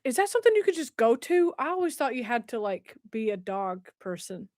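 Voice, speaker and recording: A woman's voice: fairly high pitch, very animated, a little fast, darkish tone, no room sound, studio quality. A woman hosting a casual livestream. She chats, laughs often and reads viewer comments aloud. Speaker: livestream host. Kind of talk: casual live chat.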